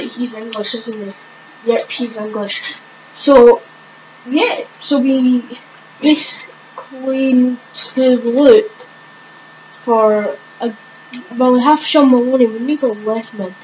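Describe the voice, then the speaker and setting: Woman talking slow over a game, kinda high voice, lots of ums, muffled lo-fi mic with a bit of hiss. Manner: thinking aloud, hesitant, many ums. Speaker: gaming channel host. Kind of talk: casual gameplay commentary.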